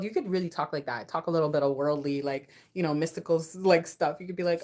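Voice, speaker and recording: A young woman giving a casual collective tarot reading. She is slangy and playful, and her voice swings between low and high. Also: quick pace, hardly any pauses, a little mellow. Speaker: tarot card reader.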